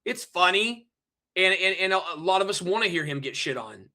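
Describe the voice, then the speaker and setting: A livestream host with a high, bright, forceful voice and lively intonation rants angrily to his chat at a moderate pace. His heated monologue is profane and repetitive, and he addresses chat directly, pressing listeners with rhetorical questions.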